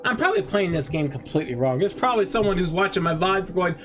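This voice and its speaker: A man's voice: high voice, very animated, quick pace. A man streaming a horror game, muttering commentary to himself, swearing often and breaking into sudden outbursts. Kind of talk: casual gameplay commentary. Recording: game music under the voice. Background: game music.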